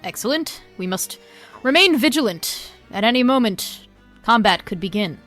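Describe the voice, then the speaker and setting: A woman's voice: fairly high pitch, animated, moderate pace, fairly bright tone, soft background music, pitched above the performer's own voice. A woman voicing a stern male captain of the guard in a stiff, formal, dutiful manner.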